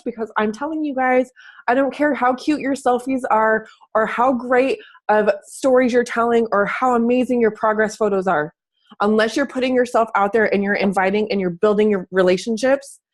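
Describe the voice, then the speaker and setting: A young adult woman fitness coach giving a chatty, animated coaching talk, acting out people's thoughts as she goes. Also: a little high. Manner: chatty, animated, acts out squealing quoted thoughts. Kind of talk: casual coaching talk to camera.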